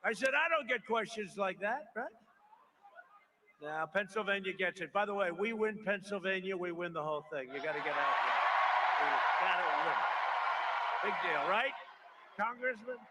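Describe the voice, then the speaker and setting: This politician's high voice has lively intonation and a normal speed, and he pauses often. He stands at a podium mic before a large crowd, giving a rambling, self-praising campaign speech full of repeated asides, captured in a noisy live recording.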